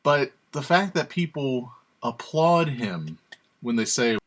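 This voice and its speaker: A man's voice: mid-range voice, lively intonation, slow, fairly bright tone. Sarcastic man giving opinionated commentary. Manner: sarcastic, emphatic, chuckles to himself. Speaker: channel host.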